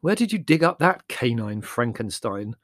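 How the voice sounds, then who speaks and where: A man's voice: mid-range voice, big pitch swings, moderate pace, a bit bright, no room sound, studio quality. A man voicing a sardonic young man in an audiobook, arch and cutting with theatrical disdain. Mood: scornful.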